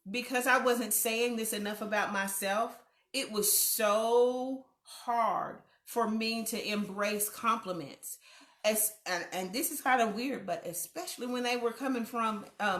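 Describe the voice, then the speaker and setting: A middle-aged woman hosts a live stream and reads viewers' comments back to them with warm encouragement and frequent laughs. Her voice is bright and forceful and sits a little high. The room around her is echoey. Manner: warm, affirming, playful, laughs often. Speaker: host of a live online talk show.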